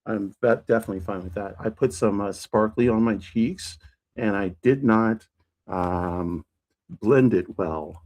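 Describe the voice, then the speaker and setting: A streamer chatting alone on a casual live stream, rambling with many fillers and restarts and sometimes pushing the voice higher. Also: measured pace, darkish tone. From United States. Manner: plays with raising the pitch of the voice.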